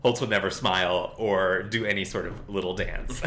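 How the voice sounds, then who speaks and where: A man with a lowish voice talks through a podcast episode in an easy, animated way and laughs often. The room rings around him, and a faint background hiss sits under his voice. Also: moderate pace, roomy sound. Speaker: podcast co-host. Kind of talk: casual chat.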